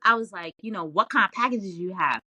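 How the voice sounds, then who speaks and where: A woman telling her story as an interview guest in a casual, animated way, often laughing and raising her voice when she quotes herself. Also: mid-range voice, a little fast. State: tearful at times.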